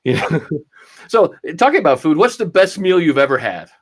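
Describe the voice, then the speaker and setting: A man hosting a casual podcast interview, upbeat and chatty, and quick to laugh. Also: fairly high pitch, sing-song. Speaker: podcast host.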